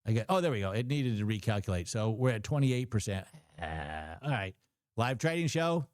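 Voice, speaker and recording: Excitable man hosting a trading livestream. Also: fairly low pitch, moderate pace, clean tone, no echo, studio quality. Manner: excitable, talks to the screen. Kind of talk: live-streamed trading talk.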